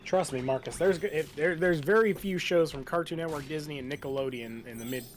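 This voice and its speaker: A man's voice: on the high side, brisk, slight background noise. A man streaming a game, chatting loosely with friends, swearing freely and jumping between tangents. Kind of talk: casual chat during a game stream.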